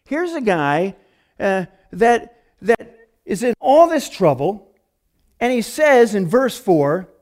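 High-voiced, folksy preacher man. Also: takes it slowly. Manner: casual, folksy, animated, with lots of "man" and "you know". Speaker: pastor. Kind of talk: conversational sermon.

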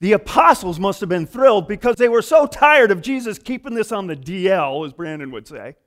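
Here a high-pitched male preacher gives an animated sermon in a talkative manner, voicing the people he quotes and pausing to rework his thoughts.

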